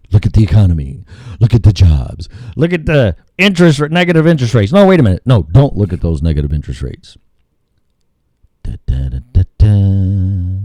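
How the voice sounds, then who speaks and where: A male talk show host with a fairly low, warm voice rambles through news items in a crude, ad-libbed style, humming filler sounds between lines. It's casual radio talk on a dry recording.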